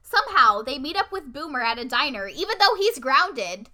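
Very bright young woman, wry and offhand. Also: high-pitched, sing-song, normal speed. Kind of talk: casual chat recapping a movie.

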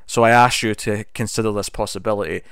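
A man's voice: lowish voice, steady tone, quick pace, clear, resonant tone, dry recording, clean studio sound. A man co-hosting a casual podcast, reviewing a TV episode and retelling its scenes with bursts of animation. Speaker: podcast co-host.

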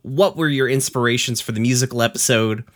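A man's voice: medium pitch, brisk. A man with a Southern US drawl hosts a casual podcast chat. He rambles loosely, swears freely and laughs between his thoughts. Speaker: podcast host.

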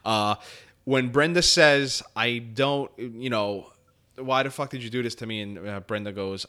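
A man's voice: medium pitch, unhurried. A man co-hosting a podcast, talking casually and rambling with frequent swearing as he breaks down a TV episode. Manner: rambling, animated, swears freely. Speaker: podcast co-host. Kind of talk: casual chat.

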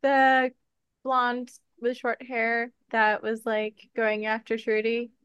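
A woman's voice: on the high side, monotone, takes it slowly, a bit bright, clean tone, no room sound. A woman in a casual movie discussion, hesitant and stammering, laughing as she talks. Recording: dull, dry sound.

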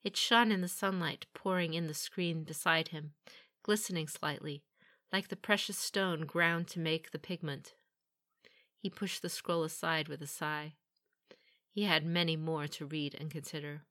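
Bright-voiced woman narrating fantasy. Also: low voice, unhurried. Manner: steady, even storytelling. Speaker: audiobook narrator.

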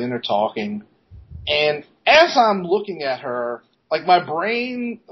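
A man co-hosting a podcast, telling a story in a casual, animated way, laughing and swearing as he goes. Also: a little high, a little hiss or hum. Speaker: podcast co-host. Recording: dull lo-fi podcast recording.

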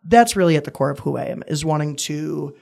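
Young man, twenties, guest; earnest, measured, reflective delivery. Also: fairly high pitch, lively intonation, vocal fry, a little mellow. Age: 20s. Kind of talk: candid personal conversation.

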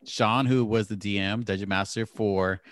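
A man's voice: fairly low pitch, fairly even intonation, moderate pace, dry recording, studio quality. A man co-hosting a podcast in casual chat, talking enthusiastically and laughing often. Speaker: podcast co-host.

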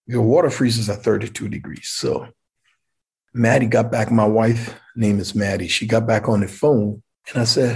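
A man's voice: lowish voice, fairly even intonation, normal speed, creaky, breathy edge. A man from Liberia, animatedly telling a personal story and acting out the dialogue.

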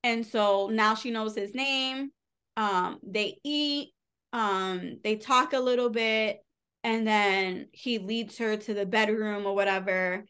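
A woman with a smooth, fairly bright mid-range voice takes her time as she chats through a book's plot on a podcast she co-hosts. Her recap rambles, is full of "like," and includes casual swearing.

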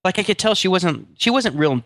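A man's voice: sits high, very animated, a little fast, a bit bright, no room sound. Rambling man on a dry podcast mic. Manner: rambling, many restarts and fillers, chuckling. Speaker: podcast co-host. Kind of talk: casual chat.

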